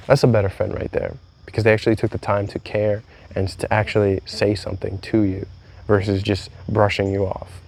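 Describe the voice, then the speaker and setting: Young man, slightly deep voice, casual vlog confession, rambling, blunt, cursing. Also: level tone, a little fast, creaky, darkish tone, slight background noise. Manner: candid, rambling, swears freely. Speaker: vlogger.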